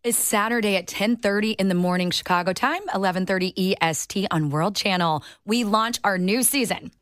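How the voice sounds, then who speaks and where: A woman's voice: mid-range voice, brisk, dry recording, studio quality. A woman guest on a radio show, upbeat and earnest, talking about her mission and her TV show. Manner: upbeat, earnest, laughs easily. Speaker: TV host, studio guest. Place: radio studio. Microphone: studio mic.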